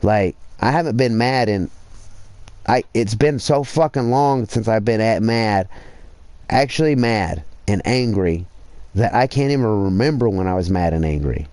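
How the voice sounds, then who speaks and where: A man on a livestream, ranting profanely and rambling, his voice swelling loud when he presses a point. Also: fairly low pitch, expressive, a little slow, no room sound. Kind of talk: casual livestream rant.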